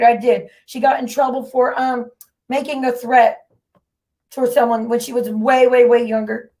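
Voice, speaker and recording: A woman's voice: a little high, fairly even intonation, normal speed, darkish tone. A woman hosting a livestream, ranting in a heated, profane and confrontational way at people in her chat. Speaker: livestream host. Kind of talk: angry livestream rant.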